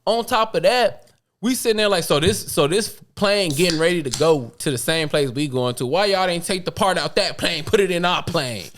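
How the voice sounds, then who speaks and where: Young Chicago man, podcast co-host, animated storyteller, fairly high voice, laughs a lot. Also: normal speed, slight background noise. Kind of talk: casual storytelling.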